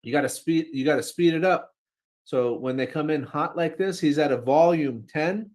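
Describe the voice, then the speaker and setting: A man's voice: on the high side, moderate pace, darkish tone. A man coaching callers over a video call, emphatic and checking in with "right?" as he talks. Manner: emphatic, keeps asking right?. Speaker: sales coach. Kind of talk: coaching talk. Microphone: video call mic.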